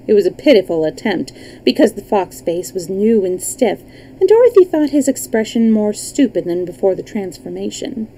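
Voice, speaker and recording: A woman reading a children's book aloud on a livestream, lively, with small slips and restarts. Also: mid-range voice, normal speed, a little hiss or hum, low-quality recording. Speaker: storyteller.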